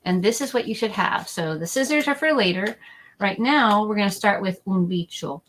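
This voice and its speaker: Woman teacher, friendly online class for families; chatty, repeats words slowly. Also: mid-range voice, expressive, fairly bright tone, a little hiss or hum, poor audio. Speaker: Spanish teacher. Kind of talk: live online lesson for families. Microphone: document camera setup, desk mic.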